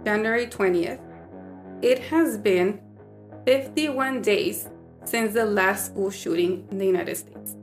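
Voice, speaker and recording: A woman's voice: medium pitch, soft background music. A young woman co-hosting a podcast, chatting earnestly and often agreeing. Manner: conversational, earnest, quick to agree. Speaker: podcast co-host. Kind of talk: casual chat.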